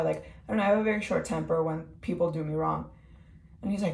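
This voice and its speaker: A woman's voice: fairly low pitch, fairly even intonation, fast, creaky, darkish tone. A young woman telling her personal story in a rambling way, filling her talk with "like" and "um". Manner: rambling, heavy use of "like" and "um". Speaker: vlogger. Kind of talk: personal testimony. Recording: echoey room from far off.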